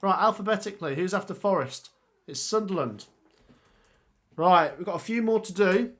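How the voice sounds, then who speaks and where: Man, young adult, live-stream host, casual, thinking aloud, slightly high voice. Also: expressive, moderate pace. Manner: chatty, thinks aloud, reads out viewer comments. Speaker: football channel host.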